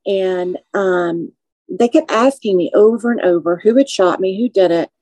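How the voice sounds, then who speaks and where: A woman in her forties, a podcast guest, telling her personal story slowly and with emotion. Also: medium pitch, mellow, dry recording, low-quality recording. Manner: measured, slow, emotional recounting.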